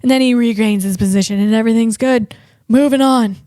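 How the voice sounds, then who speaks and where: Loud, animated female comic host with a high pitch, doing playful tech riffs. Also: fairly quick, no echo, studio quality. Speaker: comedian and podcast host. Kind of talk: comedic tech commentary.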